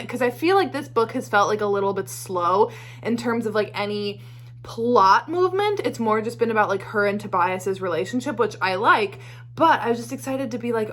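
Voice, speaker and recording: A woman's voice: medium pitch, moderate pace, a bit bright. A young woman chatting casually in a reading vlog, emotional and rambling, swearing and laughing between thoughts. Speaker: book vlogger.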